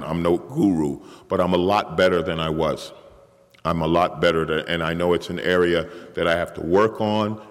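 A middle-aged man giving a candid, self-mocking personal share at a recovery meeting, sometimes acting out his own inner voice. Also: sits low. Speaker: speaker sharing at a recovery meeting. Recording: long reverb of a hall.

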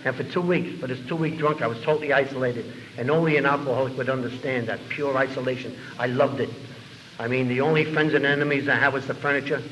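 A man telling his recovery story to an audience as a lively, self-mocking comic storyteller, in a dull lo-fi recording. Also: mid-range voice, fast talker, a little hiss or hum. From New York City.

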